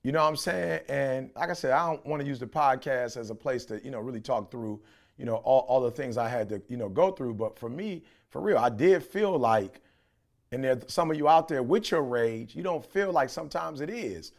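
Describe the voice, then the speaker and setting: Gravelly, passionate middle-aged man. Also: mid-range voice, brisk. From Detroit. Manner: passionate, preachy, loud. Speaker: podcast co-host. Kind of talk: casual podcast chat.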